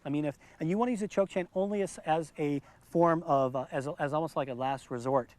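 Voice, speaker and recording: A middle-aged man with a slightly high voice teaches in a patient, explanatory way. He leans on repeated words to stress his points. It is a calm instructional demonstration recorded outdoors. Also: fast. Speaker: dog trainer.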